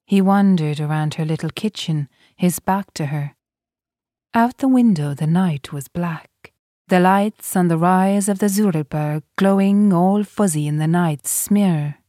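A woman narrates a novel in a steady, deliberate way. Her voice sits slightly low and her pace is unhurried. The sound is dry and close to the mic. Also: no room sound. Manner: even, deliberate storytelling. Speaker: audiobook narrator. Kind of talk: scripted narration.

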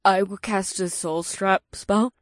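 A man's voice: high voice, steady tone, slow, no room sound, clean studio sound, voice pushed up. A man voicing a playful young witch, slurring and hiccuping in an audiobook. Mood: tipsy.

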